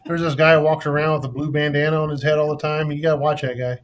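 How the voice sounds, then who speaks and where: A man's voice: a little high, level tone, fast. A man hosting a live stream, chatting casually and joking with frequent laughs.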